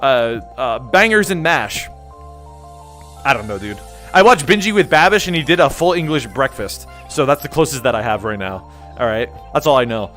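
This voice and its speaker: A man's voice: medium pitch, animated, brisk, a bit bright, faint music behind. A young man chatting casually on a live stream, rambling and jokey as he reads chat aloud.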